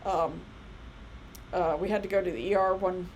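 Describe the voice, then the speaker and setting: A woman's voice: lowish voice, steady tone, normal speed, a little hiss or hum, poor audio. A woman in her thirties giving a casual biology lecture, chatty and rambling with many fillers and asides. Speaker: college biology instructor.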